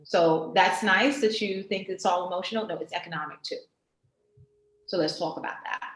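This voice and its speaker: A woman with a New York accent, talking as a guest on a video-call interview in an animated, emphatic way. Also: on the low side, moderate pace. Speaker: guest artist. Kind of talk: casual interview chat. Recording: roomy echo on a video call.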